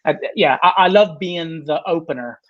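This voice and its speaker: A man's voice: fairly high pitch, moderate pace, lo-fi sound. A man in his forties, a guest on a video-call chat, talking in a rambling, self-deprecating way with many restarts.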